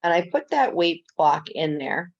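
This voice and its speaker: A woman's voice: lowish voice, sing-song, unhurried. A woman coding instructor walking through a screen-recorded coding tutorial step by step, with casual fillers. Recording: dull lo-fi recording.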